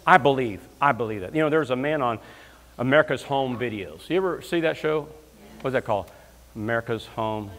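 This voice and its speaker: A man preaching as a guest minister, telling comic stories and breaking into loud shouts of praise. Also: medium pitch, brisk. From Alabama, US South. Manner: storytelling with bursts of shouting praise. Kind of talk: lively comedic sermon. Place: church sanctuary. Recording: long church hall reverb.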